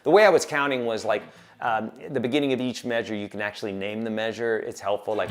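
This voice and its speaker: A man's voice: lowish voice, quick pace. A man teaching guitar on a livestream, talking casually and encouragingly and counting beats aloud.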